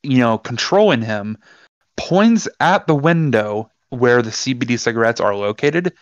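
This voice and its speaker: A man co-hosts a casual podcast at a middling pitch, telling stories with energy and playing out each side of a conversation. The sound is dull and lo-fi, with a dry, close feel and no room around it. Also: a little slow, dry recording. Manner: animated storyteller, acts out quoted exchanges. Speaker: podcast co-host.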